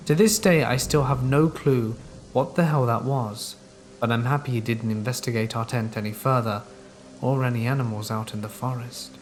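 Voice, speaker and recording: A man reads horror stories aloud in a calm, measured way, with a voice of ordinary pitch for a man. Soft, steady rain sits faintly in the background. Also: slight background noise. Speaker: horror story narrator. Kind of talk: scripted first-person horror narration. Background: steady rain sounds.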